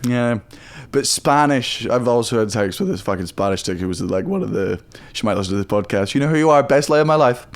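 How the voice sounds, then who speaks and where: A young man with a Scottish accent talks on a podcast in a medium-pitched voice. He is quick, profane and self-mocking, with a loose, casual delivery. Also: lively intonation. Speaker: guest comedian. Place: podcast studio.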